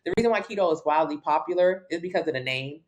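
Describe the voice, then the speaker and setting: A woman's voice: sits low, fast, a little hiss or hum. A woman fitness coach, answering viewers' questions on a casual livestream in a blunt, brash, jokey way.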